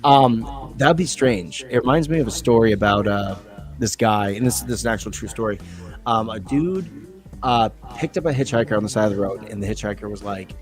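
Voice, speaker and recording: A man's voice: lowish voice, brisk, faint music behind. A man from the United States hosting a casual, profane chat and acting out funny quotes. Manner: animated, profane, acts out quotes.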